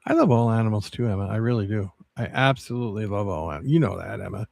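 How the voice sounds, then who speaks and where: A man livestreaming, chatting casually with viewers in a rambling, halting way with many restarts. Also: on the low side, expressive, vocal fry, darkish tone, no room sound.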